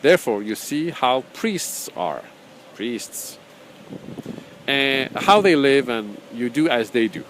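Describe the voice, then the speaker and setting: A man's voice: medium pitch, sing-song, slow, fairly bright tone, slight background noise, low-quality recording. Chuckling man teaching a casual course. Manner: conversational, repeats phrases, chuckles often; reads from his own book in parts. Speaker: spiritual teacher. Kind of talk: informal spoken course lecture.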